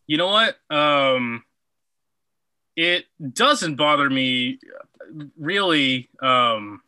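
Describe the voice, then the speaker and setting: A man trades sarcastic, profane banter on a podcast, his voice very bright and sharp, with a lively swing in pitch. The sound is dry and close. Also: extremely slow, smooth, dry recording. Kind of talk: casual chat.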